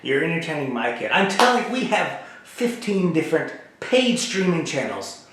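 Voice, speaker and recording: A middle-aged man hosting his own comedy show, rambling in a deadpan way and jumping from topic to topic with halting restarts. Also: a little high. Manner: halting, many fillers and restarts. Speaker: host. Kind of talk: rambling comedic monologue to camera. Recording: very echoey room.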